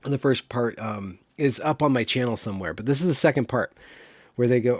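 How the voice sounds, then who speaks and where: Man, livestream host, rambling, apologetic, voice in rough shape, dry close sound. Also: mid-range voice, a little fast, darkish tone, no room sound. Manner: rambling, apologetic, loses his train of thought. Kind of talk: casual livestream chat.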